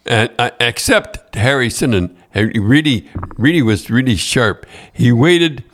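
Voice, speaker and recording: A man's voice: medium pitch, expressive, measured pace, fairly bright tone. An older Canadian man spins old stories in a loose, rambling way. He trips over his words, starts again, and chuckles as he goes. His voice sits in the middle for a man. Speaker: podcast host and former hockey coach. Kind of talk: casual storytelling chat.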